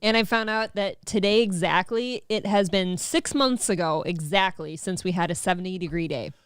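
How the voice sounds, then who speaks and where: A woman's voice: lowish voice, normal speed, smooth, no echo, studio quality. A woman co-hosting a chat show, teasing her partner and laughing often. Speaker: co-host. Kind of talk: casual chat.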